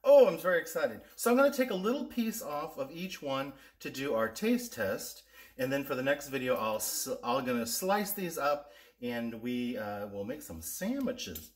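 A man's voice: medium pitch, very animated, normal speed, roomy sound. A man hosting a casual cooking vlog, chatting with viewers and tasting spice blends with eager enthusiasm. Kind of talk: casual taste-test vlog.

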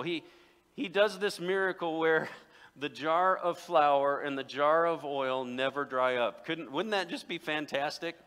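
A man's voice: on the high side, bright, forceful tone. A man preaching a sermon as pastor, telling the story conversationally with humor and rhetorical questions. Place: church sanctuary. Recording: long reverb in a church.

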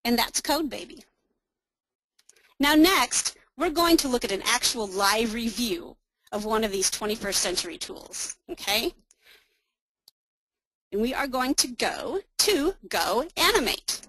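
A woman hosting a webinar, guiding her listeners through a software demo one step at a time. Her voice sits on the higher side and sounds upbeat and clear. The sound is dry and close, with no room around it. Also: sing-song, a little slow, long pauses, dry recording, rough recording. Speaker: webinar presenter.

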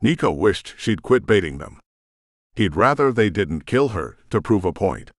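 Deep-voiced male audiobook narrator. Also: sing-song, a little slow, dry recording, studio quality.

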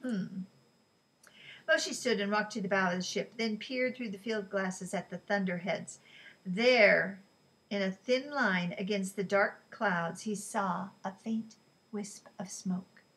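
A woman narrating a novel as an audiobook in a steady, measured way. Her voice sits at a middle pitch for a woman. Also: poor audio. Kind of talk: scripted narration.

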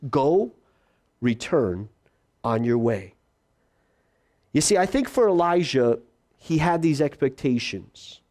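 Animated preaching man, lively pitch. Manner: animated preaching, acting out quoted voices; drops to a hushed low voice for God's quiet words. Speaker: pastor. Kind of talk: sermon.

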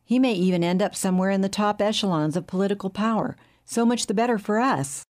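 A woman reading as a smooth, scheming bank chief. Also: mid-range voice, fast, pitched above the performer's own voice, close to an everyday voice. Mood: assured. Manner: calm, assured, soothing.

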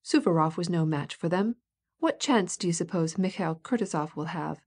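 A woman's voice: fairly low pitch, normal speed, darkish tone, husky. Woman reading as a scornful old prince. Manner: blustering, sarcastic.

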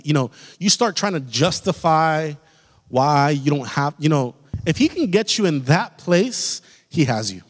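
A man in the pastor's role preaching a sermon with an American accent, building to forceful emphasis and asking repeated rhetorical questions. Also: a little high, very animated, a little slow. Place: church sanctuary. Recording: long hall reverb.

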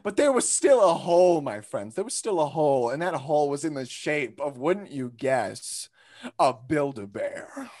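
A young man performing a stand-up comedy set, theatrical and mock-grandiose, often bursting into shouts. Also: fairly high pitch, sing-song, moderate pace.

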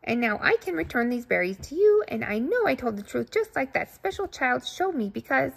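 A talkative lady goose in a sunbonnet who always tells the truth, chattering on and on, as a woman puts her on. Her voice sits high with a husky, gravelly texture. A prim storybook figure. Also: very animated, brisk, heavily acted. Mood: chatty.

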